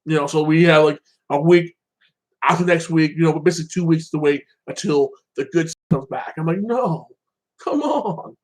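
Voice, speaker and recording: A man's voice: on the high side, flat delivery, fairly quick, low-quality recording. A man casually recapping and reviewing a show episode, rambling with lots of fillers and acting out the characters' lines.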